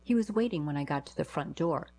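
A woman's voice: low voice, expressive, fast talker, darkish tone, poor audio. A woman reading short first-person anecdotes aloud, giving quoted lines a lift in her voice.

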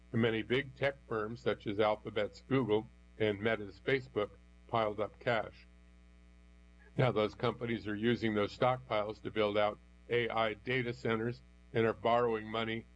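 A man reading news articles aloud in a steady, even delivery. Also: on the low side. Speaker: news reader. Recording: dull lo-fi audio with mains hum.

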